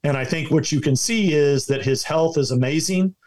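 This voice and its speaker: A man's voice: a little high, moderate pace, a little mellow. A man talking as a guest in an interview, giving emphatic partisan commentary full of restarts and repeated words. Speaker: political guest.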